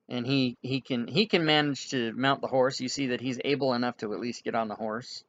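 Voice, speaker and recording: A man's voice: medium pitch, fairly even intonation, brisk, hardly any pauses. Guy running an online tabletop game, rambles and restarts a lot, dull muffled mic. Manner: casual, rambling, many fillers and restarts. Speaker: game master.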